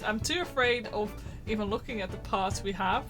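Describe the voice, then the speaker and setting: A woman's voice: medium pitch, normal speed, music in the background. A woman co-hosting a gaming stream, chatting casually with frequent giggles. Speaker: streamer co-host.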